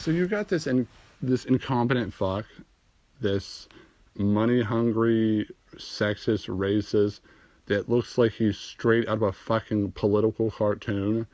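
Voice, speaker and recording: A man's voice: fairly low pitch, slow pace, a little mellow, dry recording. A young man doing a rambling, profane stand-up comedy monologue and laughing at his own jokes, recorded on a phone. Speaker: amateur comedian.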